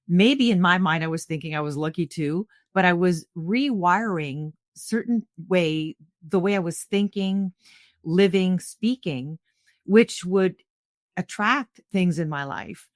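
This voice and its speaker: A woman's voice: lowish voice, unhurried, dry recording, clean studio sound. Earnest middle-aged Canadian woman telling a story. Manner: earnest, animated retelling with frequent restarts. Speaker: podcast guest. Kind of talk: conversational storytelling.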